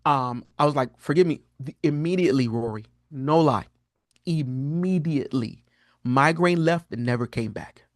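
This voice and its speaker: A man in his thirties tells a story from his own life in a casual, heartfelt way. His pitch sits in the middle but leaps up when he acts out his own words, and he often stumbles and restarts. The sound is dry and close, with no room echo. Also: moderate pace, few pauses. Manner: animated, rises sharply in pitch when quoting himself; frequent fillers and restarts, earnest and candid. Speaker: podcast guest, prophetic teacher.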